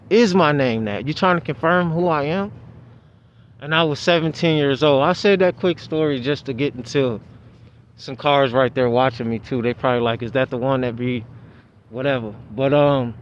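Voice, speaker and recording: Brief: man vlogger, rambling outdoor storytelling, slightly high voice, dull lo-fi sound with faint traffic. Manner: rambling, restarts, animated retelling. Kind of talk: casual storytelling monologue.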